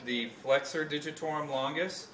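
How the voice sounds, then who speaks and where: A man's voice: fairly high pitch, steady tone, moderate pace, fairly bright tone. Man teaching anatomy in an echoey classroom. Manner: explanatory, correcting himself mid-sentence. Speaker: instructor. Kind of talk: hands-on anatomy demonstration. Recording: echoey classroom from far off, faint noise.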